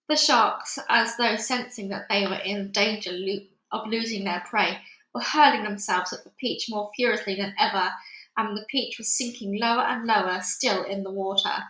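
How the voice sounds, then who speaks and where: Bright-voiced woman reading a storybook aloud. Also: medium pitch, moderate pace. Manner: lively expressive storytelling. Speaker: children's book reader. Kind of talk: reading a children's book aloud. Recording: echoey room.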